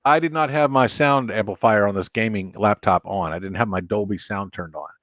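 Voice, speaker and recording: A man's voice: lowish voice, brisk, fairly bright tone, dry recording. Joking man hosting a live stream. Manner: jokey, keeps reading out viewer chat and counts. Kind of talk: casual late-night live stream chat. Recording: dry, dull lo-fi sound.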